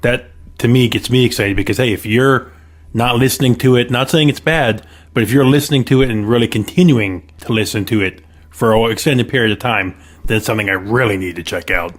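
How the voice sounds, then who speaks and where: A man's voice: medium pitch, a little fast. A man co-hosting a casual podcast, friendly and chatty, asking questions and reacting. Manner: friendly, laughs easily, chatty. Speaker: podcast co-host.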